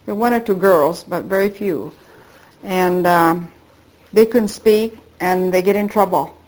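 Older soft-spoken woman telling memories. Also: on the low side, a little slow, low-quality recording. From United States. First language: Japanese. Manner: rambling storytelling, acting out remembered dialogue. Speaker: interviewee. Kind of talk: oral history recollection.

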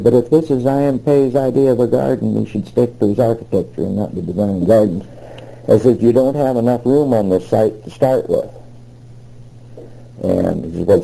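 Gravelly low-voiced older man. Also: warm tone, rough recording. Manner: rambling, retells conversations with many fillers. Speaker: interviewee recalling past work. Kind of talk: oral history storytelling.

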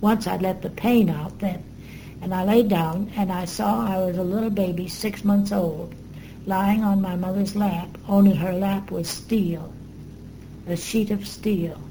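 An older woman being interviewed, recounting her memories in an earnest, reflective way with pauses and fillers. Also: medium pitch, steady tone, dark tone, a little hiss or hum, rough recording.

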